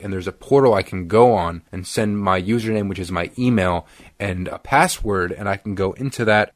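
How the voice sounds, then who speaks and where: A young man with a low voice co-hosts a podcast, recorded cleanly in a dry studio. He tells a story in casual conversation, animatedly acting out the voices of its characters.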